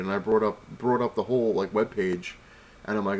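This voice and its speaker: A man's voice: fairly low pitch, steady tone, fast. A man casually telling a long story to camera, rambling and retelling conversations with lots of "I was like", sounding annoyed as he complains. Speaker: vlogger.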